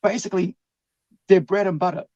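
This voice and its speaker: A man's voice: high voice, fairly even intonation, brisk, a little mellow, no echo, highs cut off. A man hosting a podcast in casual chat, rambling with many restarts and fillers. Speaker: podcast host.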